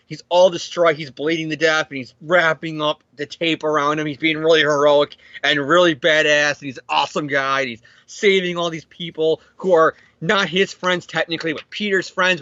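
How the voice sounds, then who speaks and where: A man on a podcast recapping a story in casual chat, animated, jumping into quick character voices and swearing. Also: fairly high pitch, dry recording, muffled recording. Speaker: podcast co-host.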